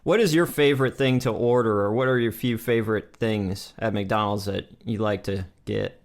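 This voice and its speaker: A man's voice: lowish voice, moderate pace. A man hosting a casual interview with his father, asking easygoing questions and laughing along.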